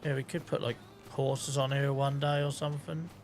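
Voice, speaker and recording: With faint music behind him, a male streamer speaks in a mid-range, flat voice at a moderate pace. He's tired and has a headache, chatting casually with live-stream viewers during play, thinking out loud and cursing occasionally.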